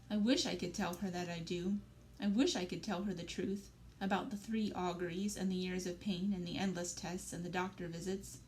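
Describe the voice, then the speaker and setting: A woman reading a young adult novel aloud in a steady, even-paced way with quiet emotional emphasis. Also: fairly low pitch, normal speed, slight background noise, poor audio. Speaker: library story reader.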